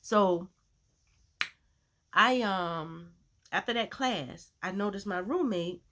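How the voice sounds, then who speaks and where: A woman sharing a personal faith testimony as a vlogger, in a chatty, animated storytelling way with lots of "you know.". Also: mid-range voice, slow pace, a little hiss or hum. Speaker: Christian vlogger.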